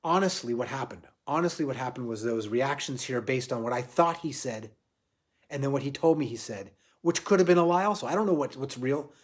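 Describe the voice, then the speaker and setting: A man's voice: mid-range voice, animated, a little fast. Reflective man giving a spiritual talk. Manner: reflective, repeats phrases for emphasis, drops to quiet soft lines. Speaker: spiritual teacher.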